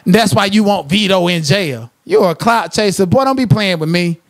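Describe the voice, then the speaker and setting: A man's voice: high voice, normal speed. A man hosting a livestream commentary rant, profane and confrontational, who sometimes slips into sing-song asides. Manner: profane, confrontational, trash-talking. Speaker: commentary channel host.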